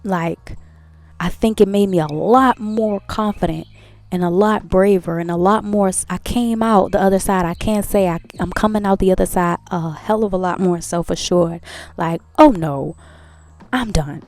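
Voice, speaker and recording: A woman's voice: mid-range voice, steady tone, normal speed, a little mellow, no room sound. Earnest woman giving a healing pep talk. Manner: earnest, repetitive, laughs at herself. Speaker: host. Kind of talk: casual motivational talk.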